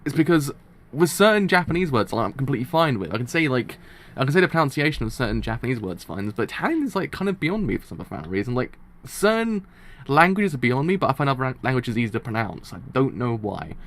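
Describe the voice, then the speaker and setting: A man's voice: mid-range voice, sing-song, fast talker, fairly bright tone. A man hosting a live comic reaction, chatting casually and rambling with frequent restarts and laughs. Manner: rambling, self-interrupting, laughs often.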